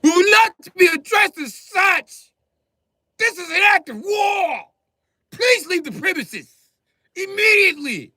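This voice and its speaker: A man's voice: very high-pitched, very animated, a little slow, long pauses, sharp tone, no echo, raised voice, voice pushed up, full character voice. A man voicing an indignant, pompous small man who orders intruders off his castle grounds in stiffly formal speech.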